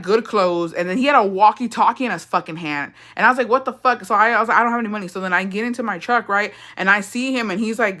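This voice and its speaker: Bright-voiced woman telling a story. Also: fairly low pitch. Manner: profane, animated, addresses chat as y'all. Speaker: streamer telling a story to viewers. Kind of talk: casual storytelling.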